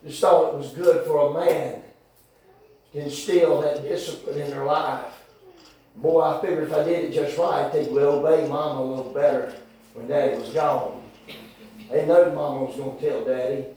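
A man preaching a folksy, rambling sermon with sudden shouted bursts in a church. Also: a little high, steady tone, moderate pace, a little hiss or hum. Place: church hall. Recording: very echoey church from far off.

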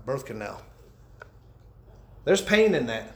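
A man preaching a sermon as pastor, impassioned, swinging between loud and hushed. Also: sits high, expressive, normal speed. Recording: echoey room.

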